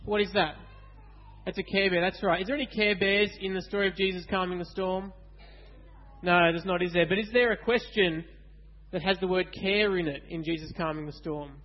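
Man, high voice, animated, quizzing children, church talk, muffled recording. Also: fairly quick. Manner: animated, asks kids questions. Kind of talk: lively children's Bible talk.

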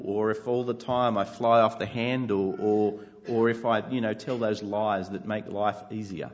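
A man's voice: fairly low pitch, muffled recording. A man preaching a sermon, earnest and conversational with light self-deprecating humor. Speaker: pastor.

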